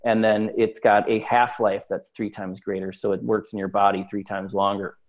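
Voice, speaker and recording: A man's voice: on the low side, flat delivery, moderate pace, dull audio. A man speaking as an interview guest in casual chat, talkative and full of fillers. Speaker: supplement company guest.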